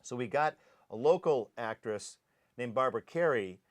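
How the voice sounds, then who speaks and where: Animated man telling lively film-set stories. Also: medium pitch, moderate pace, a little hiss or hum. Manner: lively storyteller who acts out sounds and voices. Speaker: actor recalling a film shoot.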